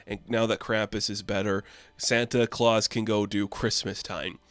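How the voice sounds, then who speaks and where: A man's voice: on the low side, little pitch movement, measured pace, fairly bright tone, dry recording. A man recapping a comic book in a casual, offhand and chatty way, full of fillers.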